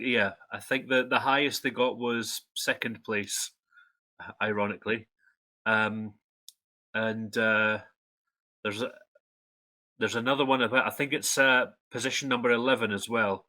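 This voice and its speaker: A Scottish man acting as the resident expert on a casual music podcast, explaining things in a relaxed way. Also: lowish voice, normal speed, pauses often. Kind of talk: casual chat.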